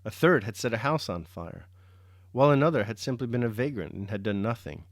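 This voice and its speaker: A man reads a classic novel aloud in a measured, steady manner, then turns to his own reflections as host. His voice sits at an ordinary mid pitch. The sound is dry and close, with no room echo. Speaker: reader and host. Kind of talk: audiobook-style novel reading.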